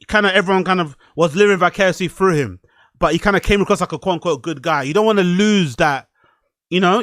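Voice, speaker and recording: A man's voice: fairly high pitch, a bit bright, no room sound. A man hosting a casual reaction podcast, rambling and swearing with frequent asides. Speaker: podcast host.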